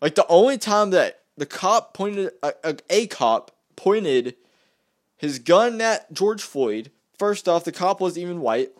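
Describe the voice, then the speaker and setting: Ranting vlogger: a man with a high, swooping voice, exasperated and repetitive. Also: sing-song, slow. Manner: exasperated, repeats himself, stumbles and restarts. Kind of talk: heated ranting monologue.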